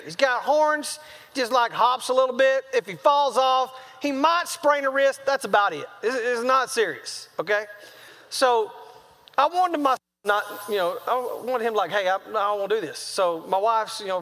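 A man preaching a sermon, telling a comic story and acting out the quotes with animated delivery. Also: very high-pitched. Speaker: traveling preacher. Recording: long reverb of a large hall.

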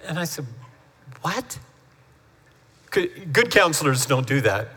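Man preaching, fairly high bright voice, chatty storytelling sermon, long church-hall echo. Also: normal speed, husky. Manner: chatty storytelling with lively acted-out quotes. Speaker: family pastor. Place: church sanctuary.

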